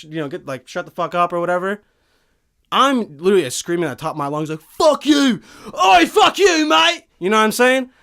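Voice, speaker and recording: A man's voice: high voice, a bit bright. A man of twenty-one telling a rambling, profane story in casual podcast chat, heated and swearing often. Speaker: podcast guest. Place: recording studio.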